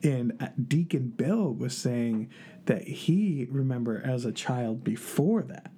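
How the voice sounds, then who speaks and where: Mellow, husky man laughing through his talk. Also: mid-range voice, animated, slow pace. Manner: laughs often, stumbles over words. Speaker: co-host of a Catholic live show. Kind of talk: casual chat.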